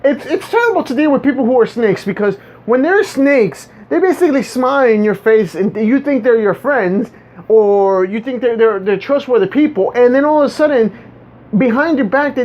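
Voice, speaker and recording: A casual monologue rant from a vlogger with a mid-range, darkish voice, rambling to viewers, stumbling over repeated words and carrying a sarcastic edge. The lo-fi recording is dull.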